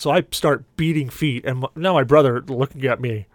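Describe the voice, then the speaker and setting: Animated man telling a story. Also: medium pitch, fast, hardly any pauses, no echo, clean studio sound. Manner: animated, acts out quoted voices. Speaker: podcast co-host. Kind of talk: casual storytelling.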